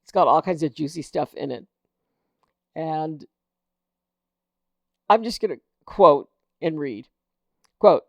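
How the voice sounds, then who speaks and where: Host: woman, low-ish voice that swings widely, unhurried, sounds indignant and incredulous. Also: lively intonation, gravelly, no room sound, clean studio sound. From United States. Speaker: political commentator, host. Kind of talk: casual political commentary, reading news aloud.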